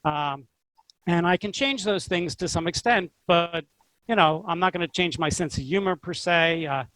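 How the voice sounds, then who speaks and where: An older man, a chess instructor, chatting in an interview in a talkative, expressive way. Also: high voice, normal speed, no room sound, rough recording. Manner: talkative and expressive, not monotone. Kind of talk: casual interview chat.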